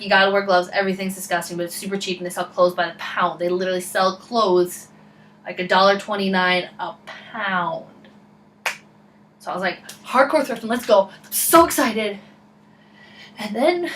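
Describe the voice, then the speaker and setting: Excitable young woman telling a rambling story. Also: medium pitch. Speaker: vlogger. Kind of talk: casual storytelling vlog. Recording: voice a bit far from the mic, faint background noise.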